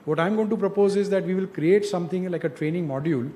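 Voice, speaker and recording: A man's voice: sits high, fast talker, mellow. A man giving direct, coaching advice to students in an informal talk, often asking rhetorical questions. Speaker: industry speaker mentoring students.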